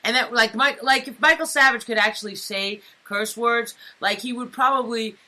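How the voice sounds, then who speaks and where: A woman's voice: fairly high pitch, moderate pace, bright, forceful tone. A woman co-hosting talk radio, chatting in a streetwise, crude, bantering way. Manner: streetwise, chatty, keeps asking "you know what I'm saying". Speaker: radio co-host.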